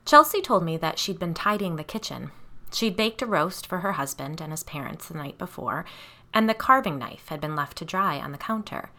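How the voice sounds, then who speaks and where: A woman's voice: on the low side, expressive, moderate pace, bright, forceful tone. A woman reading a first-person story aloud in a conversational way, with asides to her listeners.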